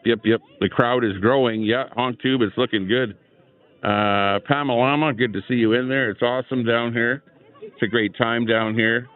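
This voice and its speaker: A low-voiced man rambling through a casual live stream outdoors, greeting his chat between remarks. The sound is tinny and phone-like. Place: outdoor rally, sitting in a lawn chair. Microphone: small clip-on microphone.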